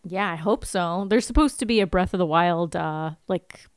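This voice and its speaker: A woman's voice: lowish voice, moderate pace, clear, resonant tone, no room sound, clean studio sound. A woman co-hosting a podcast, chatting playfully about TV and video games and laughing easily. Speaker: podcast co-host. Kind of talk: casual chat about TV and games.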